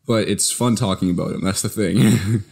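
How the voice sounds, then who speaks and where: Low-voiced, halting male podcast co-host. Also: creaky, a little mellow, slightly rough. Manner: halting, filler-heavy storytelling. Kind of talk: casual chat.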